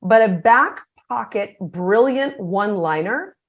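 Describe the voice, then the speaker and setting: A middle-aged woman, a guest speaker on a podcast interview, explaining her ideas in an energetic, animated way. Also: medium pitch, unhurried.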